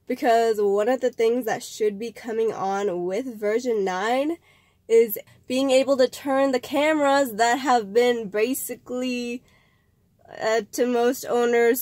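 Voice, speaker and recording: In a dry recording, a young vlog host with a fairly high, darkish voice speaks slowly and in a steady tone. She chats to camera in a rambling way, with fillers and restarts, and sounds slightly nasal because she's getting over a cold.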